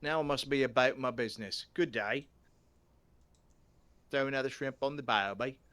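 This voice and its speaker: A man's voice: mid-range voice, moderate pace, fairly bright tone, clean tone, voice pushed up, natural voice. A man putting on a theatrical, declaiming voice for a male fortune-teller from a game he is playing.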